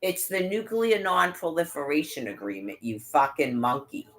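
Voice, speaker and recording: A woman's voice: deep voice, big pitch swings, moderate pace. A woman in an angry, profane rant, cursing constantly and speaking with bitter scorn.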